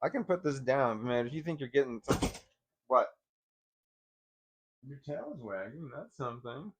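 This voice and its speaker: A man's voice: mid-range voice, expressive, unhurried, pauses often, slightly rough, muffled recording. A man talking casually in a vlog, hesitant and full of restarts. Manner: hesitant, repeats words and restarts often; coos softly at his dog. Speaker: vlogger.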